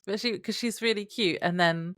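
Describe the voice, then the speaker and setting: A woman's voice: medium pitch, moderate pace, a bit bright, dry recording, clean studio sound. A woman co-hosting a podcast who laughs often and reads from her notes in casual chat. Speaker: podcast co-host.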